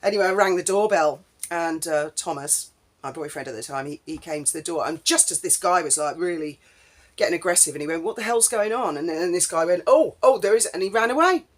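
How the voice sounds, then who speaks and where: A woman's voice: sits low, brisk. Rambling, chatty woman. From England. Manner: chatty and rambling, animated with frequent ums. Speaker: vlogger. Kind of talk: casual storytelling.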